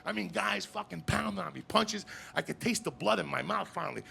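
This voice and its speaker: A man doing a crude stand-up set, telling stories loudly and asking the crowd "you understand me?" again and again. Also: high voice, animated, creaky. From New Jersey. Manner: crude, loud, rapid storytelling, repeating "you understand me?". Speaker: stand-up comedian. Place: live comedy stage with audience. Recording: live stage mic with crowd noise.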